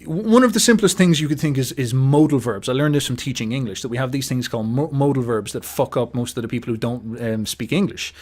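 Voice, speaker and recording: A man hosting a casual philosophical monologue, emphatic and animated, swearing casually and mimicking other people's voices. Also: mid-range voice, a little fast, hardly any pauses. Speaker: host.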